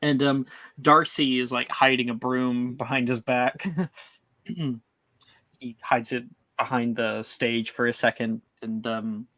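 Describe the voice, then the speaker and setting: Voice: medium pitch, flat delivery, slow pace, a bit bright, dry recording. A game master narrating a tabletop role-playing scene with lots of fillers. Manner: rambling, many fillers.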